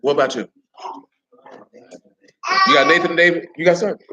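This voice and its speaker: A man's voice: fairly high pitch, fairly quick, dull audio, heavy background noise. A man leading an interactive Bible study, talking casually, teasing and quizzing his listeners by name. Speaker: Bible teacher.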